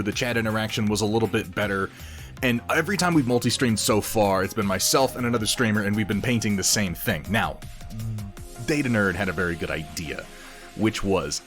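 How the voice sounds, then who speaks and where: Lowish and a bit bright, this man's voice carries over faint background music as he livestreams his painting. Chatting casually, he rambles, mocks himself, and greets viewers, reading their chat names aloud.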